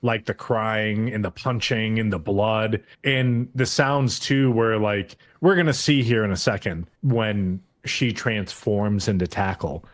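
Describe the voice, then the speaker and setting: A man co-hosting a podcast, casually recapping an episode, acting out lines in quick mock voices and swearing freely. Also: lowish voice, steady tone. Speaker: podcast co-host.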